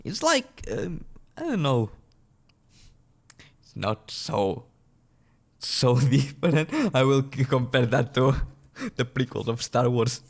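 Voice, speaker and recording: Young guy, early twenties, from a small European country. Casual home gameplay commentary, rambling, restarting lines, swearing and laughing, medium pitch. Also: sing-song, takes it slowly, creaky, long pauses. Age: early 20s. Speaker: gaming channel host. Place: at home at his computer.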